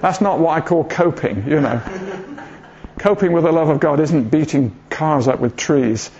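This slightly high, slightly mellow male voice moves at a moderate pace. He's a southern English preacher delivering a relaxed, humorous sermon and regularly asking his congregation questions, captured in a dull lo-fi church recording.

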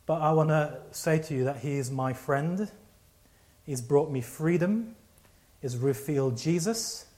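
A man's voice: fairly high pitch, unhurried, darkish tone. A man preaching a sermon, telling a personal story with many restarts and repeats.

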